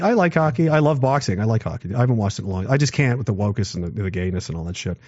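A man's voice: lowish voice, lively intonation, very fast, hardly any pauses, a little mellow, no room sound. A man in his thirties telling a war story in a casual, profane, rambling way, mocking himself and reading comments from chat. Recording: dull lo-fi dry sound.

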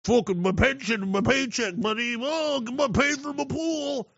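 A man's voice: very high voice, normal speed, gravelly, a bit bright, dry recording, heavily acted. A man with a sneering, drawling delivery, putting on the voice of a lazy, beer-drinking sports fan. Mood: mocking. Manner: sneering mockery, drawling "buddy". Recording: dull, dry lo-fi recording.

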